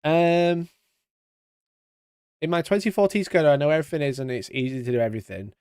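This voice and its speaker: A British man hosting a casual live stream, chatty and mock-indignant, talking into a boom-arm mic. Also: brisk, a little mellow, smooth, no room sound, clean studio sound. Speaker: streamer host. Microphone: studio mic on boom arm.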